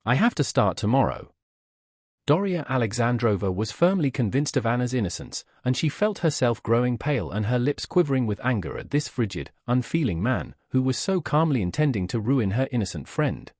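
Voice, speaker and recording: A man reads a classic novel aloud in steady, scripted narration. His voice is husky and mid-pitched, with animated intonation. The recording is dry and close, with no room sound. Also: a little fast, hardly any pauses, no room sound. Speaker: audiobook narrator.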